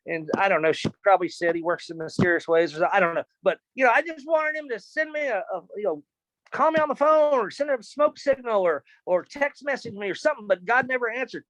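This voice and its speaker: A man telling a personal story in an animated, excitable way, often repeating words and calling people "man". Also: sits high, brisk, no room sound. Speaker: storyteller giving a personal testimony.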